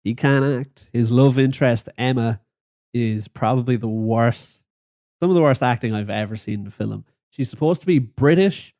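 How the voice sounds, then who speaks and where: Brief: mid-pitched male podcast co-host, dry close mic, amused and laughing often. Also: moderate pace, warm tone, dry recording. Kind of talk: casual film review chat.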